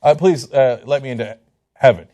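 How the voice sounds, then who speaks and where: A man's voice: medium pitch, moderate pace, dark tone, voice pushed down, lightly acted. A man mocking a gullible churchgoer who eagerly hands over his life savings, in a fawning, stammering voice.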